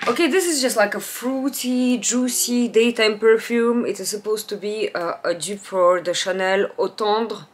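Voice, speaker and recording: A woman's voice: measured pace, hardly any pauses. Rambling woman chatting about perfumes. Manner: rambling, with restarts and trailing off to a low, quiet voice. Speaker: beauty vlogger. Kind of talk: casual perfume haul chat. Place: home, natural light.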